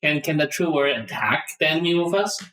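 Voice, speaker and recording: A man's voice: a little high, expressive, fast talker, sharp tone. A man playing a tabletop game, asking hesitant questions. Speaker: player. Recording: roomy echo.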